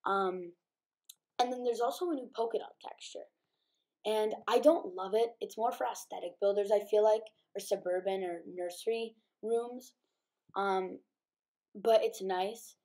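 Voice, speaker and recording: A woman giving casual game commentary as a gaming YouTuber, chatty and filling pauses with um and like, sleepy from just waking up. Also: medium pitch, darkish tone. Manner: chatty, many ums and likes.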